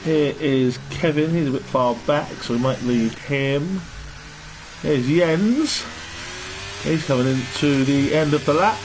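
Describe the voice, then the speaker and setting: A man giving relaxed live commentary on an online race and greeting viewers in the chat. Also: a little high, slow. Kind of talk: live sim-racing commentary. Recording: noisy stream with engine sound behind.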